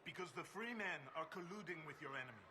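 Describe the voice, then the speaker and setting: An earnest refugee leader. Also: male voice, on the high side, expressive, pushed and bright, a little hiss or hum. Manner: measured, persuasive and formal. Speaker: game character. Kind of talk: video game dialogue. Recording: game audio under forest ambience.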